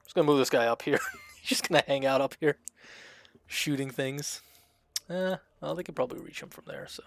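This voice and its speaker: A man streaming a strategy game, chatting casually and thinking out loud as he plays, with frequent fillers and restarts. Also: mid-range voice, fairly quick, creaky. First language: Russian. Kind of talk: casual gameplay commentary.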